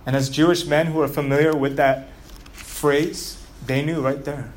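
A man preaching a sermon, telling the story in a lively way and asking the audience rhetorical questions. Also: fairly high pitch, moderate pace, slight background noise.

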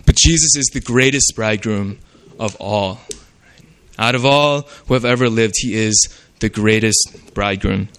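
A man's voice: on the low side, a little slow, a bit bright, a little hiss or hum. A man preaching a sermon in a conversational way, often checking in with "right?".

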